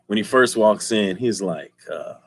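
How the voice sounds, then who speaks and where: A man streaming and chatting casually with his viewers, telling stories in an animated way and laughing often. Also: fairly low pitch, measured pace. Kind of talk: casual chat.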